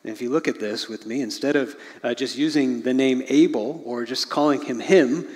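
A middle-aged man preaching a sermon as pastor, earnest, often sinking to a hushed low voice at the ends of phrases. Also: moderate pace. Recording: long reverb of a large hall.

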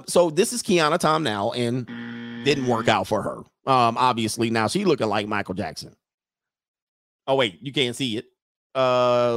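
Guy roasting pics in aave, slangy and mocking, mid pitch, dry close mic. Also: no echo. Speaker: commentator reacting to photos. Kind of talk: casual on-screen commentary.

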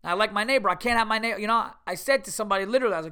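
A middle-aged man talks straight into a podcast mic, swearing freely as he tells stories. His voice sits a little high for a man and sounds bright, with a forward edge to it. It comes across as a loose, animated solo monologue. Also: rapid-fire, smooth. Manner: profane, animated storytelling. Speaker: podcast host.

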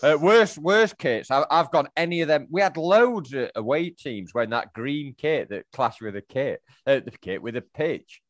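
A man's voice: on the high side, normal speed, few pauses, no room sound. A man hosting a casual football podcast, leading the topics with a dry humor. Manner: leads topics, dry, lively delivery. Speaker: podcast host.

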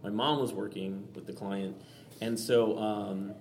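A man's voice: on the low side, fairly even intonation, measured pace, a little mellow. A man in his thirties hosting a podcast, telling stories in a rambling way, with many fillers and frequent laughs. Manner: rambling storyteller, full of fillers, laughs often. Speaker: podcast host. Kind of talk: casual podcast chat.

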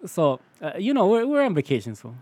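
Stammering, swearing man, fairly high voice. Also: wildly swooping pitch, fairly quick, a little mellow, dry recording. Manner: profane, stammers and repeats words, ends lines with fool. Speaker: podcast co-host. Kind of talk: crude casual storytelling.

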